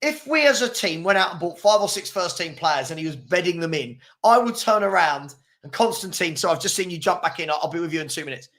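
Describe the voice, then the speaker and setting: A man hosting a heated football debate, forceful and insistent, talking over his guest. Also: high voice, expressive, quick pace, few pauses. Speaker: host.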